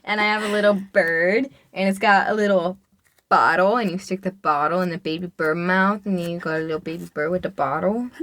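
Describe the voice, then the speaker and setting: A woman's voice: fairly low pitch, fairly even intonation, brisk, a bit bright. A young woman co-hosting a casual chat podcast, bubbly and laughing often. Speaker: podcast co-host.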